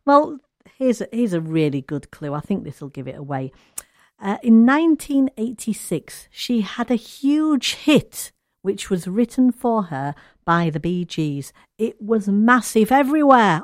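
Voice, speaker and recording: Woman, radio host, playful quiz chat, bouncy lively pitch. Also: no echo, studio quality. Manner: chatty, playful, teasing. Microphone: studio microphone.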